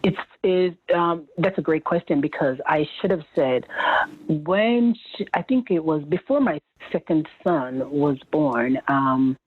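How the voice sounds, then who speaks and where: A woman's voice: low-pitched, unhurried, a little hiss or hum. A woman from Jamaica in her thirties, telling family stories in a casual interview, livening up when she quotes her relatives. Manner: storytelling, animated when quoting family. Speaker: guest. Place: home in rural Japan. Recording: tinny phone-like line.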